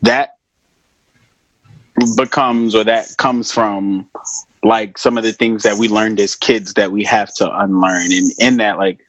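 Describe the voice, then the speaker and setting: A man's voice: lowish voice, fairly even intonation, takes it slowly, a bit bright, no room sound, lo-fi sound. A man hosting a podcast, speaking in a reflective, thoughtful way in casual chat.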